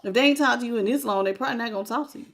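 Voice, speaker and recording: A woman's voice: fairly high pitch, racing. A woman hosting a live tarot reading. She talks frankly and folksily, greets viewers by name and calls them baby. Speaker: tarot reader.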